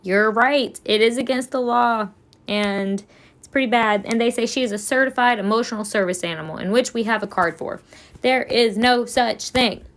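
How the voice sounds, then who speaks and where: A woman's voice: a little high, normal speed, a bit bright. A woman vlogger giving earnest commentary as she reads out viewer comments and lectures about service dogs. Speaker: vlogger, service dog handler.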